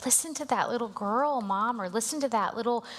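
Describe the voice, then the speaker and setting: A middle-aged woman co-teaching a live church parenting class, chatting conversationally and backing up her partner. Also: fairly high pitch. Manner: conversational, backs up her co-teacher with quick agreement.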